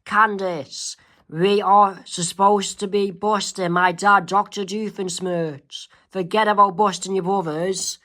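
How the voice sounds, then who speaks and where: Brief: man reading determined teen girl, slow and plain. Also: high voice, little pitch movement, pushed and bright, full character voice. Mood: firm. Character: determined teenage girl, villain's daughter.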